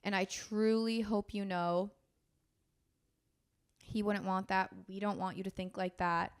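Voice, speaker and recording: A woman's voice: mid-range voice, little pitch movement, measured pace, clear, resonant tone. Earnest woman podcast host. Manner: earnest, encouraging, emotional. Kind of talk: heartfelt podcast talk.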